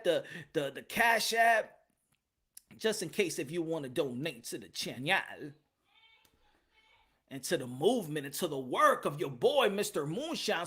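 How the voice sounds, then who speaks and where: A man hosts his own boxing channel live, talking loosely and animatedly. His tone is bright and forward. He loops back over phrases and calls out names from the chat. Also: sits high. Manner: animated, repetitive, slangy, reads chat aloud. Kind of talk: casual livestream chat.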